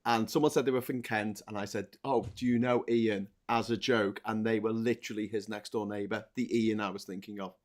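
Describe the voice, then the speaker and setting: A man's voice: on the low side, fairly even intonation, brisk, few pauses. A man hosting a casual chat, joking and laughing as he tells stories. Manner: jokey storyteller, laughs a lot. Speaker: host.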